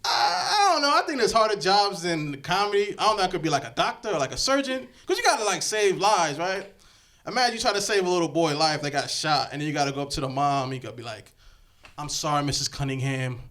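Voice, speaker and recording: Bright, high-voiced male stand-up comic. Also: very animated, quick pace. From Connecticut, USA. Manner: loose, conversational, slips into character voices for quoted people. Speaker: stand-up comedian. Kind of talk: stand-up comedy set.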